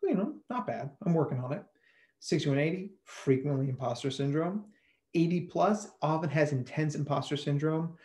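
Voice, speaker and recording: A man and psychologist giving a lively, chatty webinar presentation over a video call. He often repeats words as he thinks out loud. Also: fairly high pitch, normal speed.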